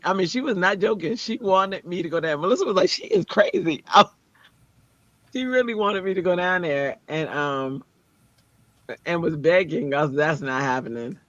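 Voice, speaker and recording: A man telling a story in an animated, dramatic way, jumping into the voices of the people he quotes. His voice is fairly high and sharply bright. The sound is dull and lo-fi. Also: unhurried, long pauses, no echo. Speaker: co-host of a crafting livestream. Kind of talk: casual storytelling chat.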